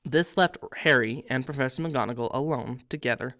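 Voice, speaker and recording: A man's voice: mid-range voice, normal speed. Man reading a story aloud. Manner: relaxed, with casual asides. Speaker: reader.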